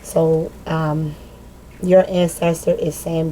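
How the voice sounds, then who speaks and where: A woman giving a spontaneous spiritual card reading. She talks in a halting way, repeats words and thinks aloud, and sounds earnest and emotionally open. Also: on the low side, little pitch movement, warm tone, a little hiss or hum, poor audio. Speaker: tarot card reader.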